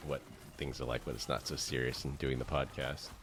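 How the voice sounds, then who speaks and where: A man's voice: extremely low pitch, flat delivery, a little fast, a bit bright, slight background noise. A man co-hosting a podcast, reading a rhyming roast of a friend and then chatting casually with laughs. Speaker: podcast co-host. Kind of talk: casual chat.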